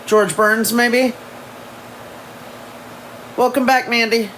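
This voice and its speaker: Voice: medium pitch, steady tone, takes it slowly, fairly bright tone, a little hiss or hum, rough recording. A livestream host chatting casually at home, rambling and second-guessing their memories, and sometimes reading a novel aloud. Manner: rambling, unsure of details, self-correcting. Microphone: phone livestream.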